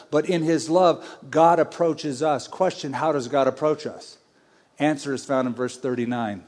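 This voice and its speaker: A male pastor preaching a sermon, conversational and emphatic, swinging between loud and hushed. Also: on the high side, moderate pace. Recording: long reverb of a large hall.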